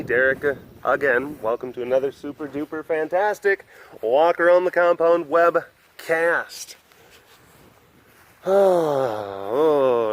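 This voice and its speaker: A man's voice: mid-range voice, a little hiss or hum. A man hosting a casual walk-around webcast outdoors at an animal facility, rambling with lots of fillers and restarts. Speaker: vlog host.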